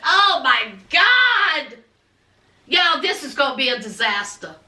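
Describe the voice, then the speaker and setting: A woman, hosting a casual reality TV recap with sassy, animated storytelling. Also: high voice, slow pace. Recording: roomy echo, distant from mic.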